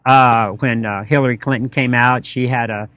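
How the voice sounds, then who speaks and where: A man's voice: mid-range voice, fairly even intonation, normal speed, a bit bright, clean tone, no echo. A man with a Texan accent, a restaurant co-owner on a podcast, telling rambling anecdotes full of fillers and acting out the dialogue. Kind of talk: casual storytelling interview.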